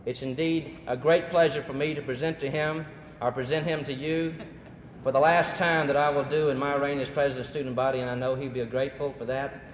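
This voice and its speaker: A man's voice: mid-range voice, steady tone. A young man serving as student body president, formally introducing committee members and guests at a symposium. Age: young adult. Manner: formal, ceremonious, brisk. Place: large hall at a symposium. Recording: echoey hall on a dull, noisy old recording.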